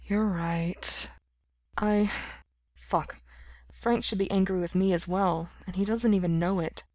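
A woman's voice: mid-range voice, fairly even intonation, takes it slowly, a little mellow, no room sound, studio quality, natural voice. A woman voicing an anxious, guilt-ridden young man, earnest and plaintive as he apologizes, in a storybook reading.

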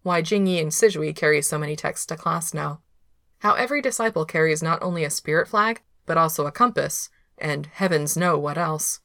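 A woman reading a story aloud in a steady, unhurried way, close to the microphone. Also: sits low, vocal fry, no room sound. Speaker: reader of fan fiction. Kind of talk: audiobook narration.

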